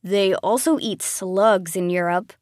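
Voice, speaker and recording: A woman putting on a smug older teen brother with a slightly lowered voice. He drawls each taunt out slowly and sneers at his kid sister, like a storybook bully. The voice sits close and dry against the mic. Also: darkish tone, dry recording, lightly acted. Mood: mocking.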